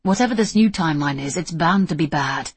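A woman's voice: deep voice, lively intonation, fairly quick, slightly rough, no room sound. A woman voicing a determined young woman under fire, speaking tersely and urgently. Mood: shaken. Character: tense determined young woman time traveler.

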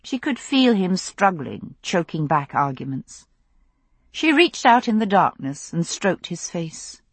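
A woman narrating a novel in an intimate, unhurried storytelling voice on a close studio mic. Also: lowish voice, sing-song, husky, no echo. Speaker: audiobook narrator. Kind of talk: scripted narration.

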